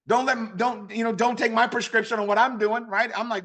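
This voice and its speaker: A man's voice: very high-pitched, steady tone, a little fast, few pauses, fairly bright tone. A man giving a hype motivational pep talk to a sales team, fired-up and punchy, repeating rallying phrases.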